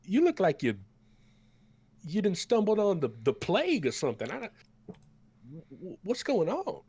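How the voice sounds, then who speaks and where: A man's voice: sits high, wildly swooping pitch, normal speed, darkish tone, slightly rough, pitched above the performer's own voice, heavily acted. A man voicing a folksy older male cook who talks in country phrases, stammering and exclaiming. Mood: fussing folksy.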